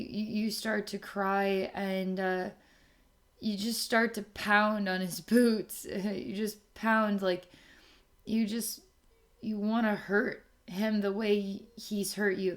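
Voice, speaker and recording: Slow, soft-spoken woman giving a spiritual reading. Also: medium pitch. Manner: slow, soft, repeats okay to check in. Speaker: spiritual intuitive reader.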